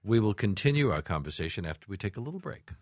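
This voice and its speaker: Low-voiced male host, halting questions. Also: very animated, a little hiss or hum. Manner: halting, many fillers. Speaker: radio host. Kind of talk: interview.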